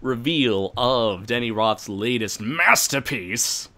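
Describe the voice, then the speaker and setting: A man's voice: mid-range voice, slow. A man hosting a casual podcast, joking and laughing often with his guests. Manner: animated, laughs often, jokey. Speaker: podcast host.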